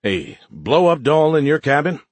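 A man's voice: fairly high pitch, sing-song, moderate pace, dry recording, pitched above the performer's own voice. A man voicing a shocked young male soldier who stammers formally to his commander. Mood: stunned.

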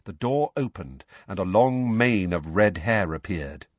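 A male audiobook narrator reads with lively, expressive swings in pitch and a husky grain. The recording is dry and a little dull. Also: a little slow, no echo. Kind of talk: storybook narration.

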